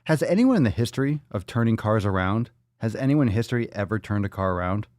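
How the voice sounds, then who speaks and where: A man's voice: lively intonation, quick pace, no echo, studio quality. Profane joking male podcast host. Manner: loose and profane, reading chat aloud, goofing around; coos softly in a high baby-talk voice at a pet. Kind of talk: casual live-stream chat.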